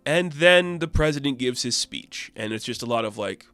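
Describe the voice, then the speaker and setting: A man's voice: mid-range voice, lively intonation, moderate pace, fairly bright tone, faint music behind. Enthusiastic man recapping a comic. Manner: enthusiastic, rambling, many fillers. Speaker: comic book reviewer.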